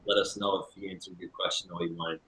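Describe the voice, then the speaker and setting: A man hosting a live-streamed interview and reading questions from the chat, hesitant with many ums, often trailing off quietly. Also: deep voice, level tone, fast. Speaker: livestream host. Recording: echoey room.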